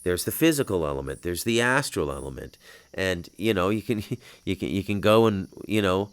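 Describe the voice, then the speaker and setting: A man with a very low voice holds forth outdoors on a patio, his sound close and dry. He rambles through a spiritual monologue, swearing freely and building to loud, heated outbursts before settling back down. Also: expressive, moderate pace, clear, resonant tone, no echo. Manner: profane, rambling, swings into heated shouting. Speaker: podcast host.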